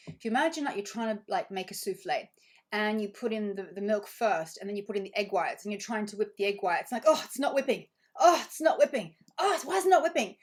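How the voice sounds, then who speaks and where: A woman's voice: mid-range voice, a little mellow. A woman coaching a live online group, reading out comments with bursts of praise and repeating phrases for emphasis. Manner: effusive, reads chat comments aloud with bursts of praise. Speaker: money coach.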